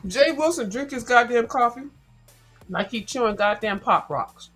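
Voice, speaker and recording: A woman's voice: a little high, animated, moderate pace, a bit bright, faint music behind, low-quality recording. A woman hosting a casual livestream, chatting and crunching snacks into the mic, sassy and blunt and cussing freely. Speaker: livestream host. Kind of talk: casual chat while snacking.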